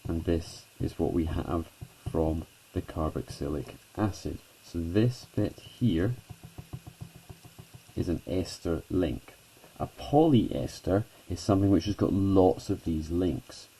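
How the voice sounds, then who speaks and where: A man's voice: low-pitched, slow, warm tone, a little hiss or hum, poor audio. A man teaching a chemistry lesson at a whiteboard, chatty and self-deprecating, talking students through each step.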